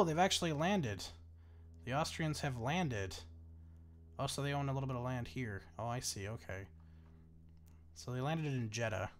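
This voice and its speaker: A man casually commentating a strategy game he is watching, chatty and bemused, swearing freely and laughing often. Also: on the low side. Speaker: gaming YouTuber. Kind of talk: casual let's-play commentary.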